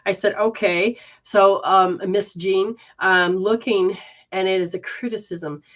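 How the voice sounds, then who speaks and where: A woman's voice: mid-range voice, fairly even intonation, a bit bright. A woman leading a live healing session and giving readings, soothing and coaxing with repeated instructions. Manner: talks to viewers and spirits, switches fast between voices.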